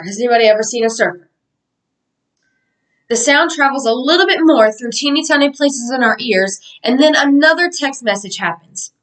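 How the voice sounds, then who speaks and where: A woman's voice: fairly high pitch, a bit bright, far from the mic, low-quality recording. A young woman giving a mock lesson to a class of children in an upbeat, sing-song teacher voice.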